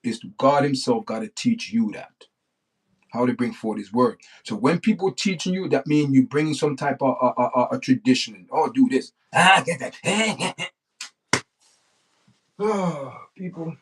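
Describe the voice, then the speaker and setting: A man's voice: mid-range voice, expressive, unhurried, darkish tone, husky. A man hosting a livestream, talking off the cuff in a blunt, repetitive rant that circles back on the same points. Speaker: livestream host. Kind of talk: unscripted livestream monologue.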